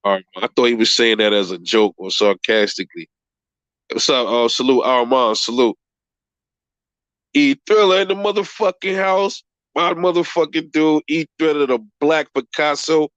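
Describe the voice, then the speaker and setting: A man's voice: mid-range voice, a bit bright, clear, resonant tone, no room sound, muffled recording. A man hosting a boxing channel livestream, reading viewer comments in a profane, rambling way and calling everyone bro. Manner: profane, rambling, quick to laugh.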